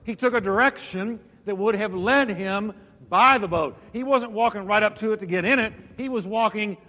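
High, bright-voiced man preaching in a hall. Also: normal speed. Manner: dramatic storytelling, acting out voices of Bible figures. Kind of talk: sermon. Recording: long hall reverb.

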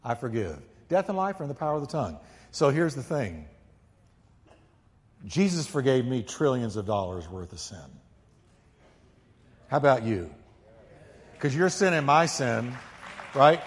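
A male pastor preaching a sermon emphatically, swinging from quiet, low asides to loud, ringing peaks and calling on the congregation to repeat after him. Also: very animated, a little slow, long pauses. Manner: calls on the congregation to repeat lines. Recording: long hall reverb.

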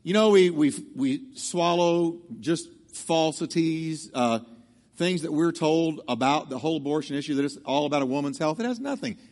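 A man's voice: a little high, moderate pace, a little mellow, long reverb tail. A male pastor preaching a sermon emphatically, drawing the congregation into call-and-response. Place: church sanctuary.

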